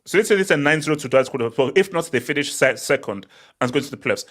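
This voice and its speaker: A man leads a casual football talk show in an animated, teasing way, repeating words as he jumps in on his co-hosts. His voice sits at an ordinary middle pitch. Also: quick pace.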